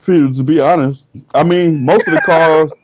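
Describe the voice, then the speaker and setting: A man's voice: fairly high pitch, fairly even intonation, a little slow, noisy background. A man co-hosting a comedy podcast, rambling through profane, joking stories. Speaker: podcast co-host. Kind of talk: casual comedic banter.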